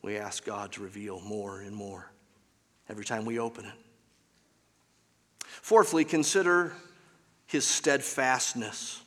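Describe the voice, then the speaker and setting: A man's voice: on the low side, a little slow, long pauses, a bit bright, long reverb tail. A man preaching a sermon as pastor, with an emphatic, repetitive cadence, recorded in a church.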